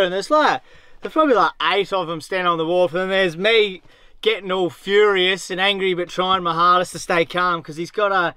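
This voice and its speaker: A young man and sailing vlogger telling a story in a casual, animated way, leaning on "like" a lot. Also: high voice, clear, resonant tone, no room sound. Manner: animated, chatty, heavy use of "like".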